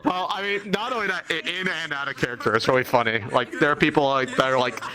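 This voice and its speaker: A man chatting casually out of character about his roleplay gear, rambling and saying "like" constantly. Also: fairly high pitch. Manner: rambling, fills every pause with "like". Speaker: roleplay player.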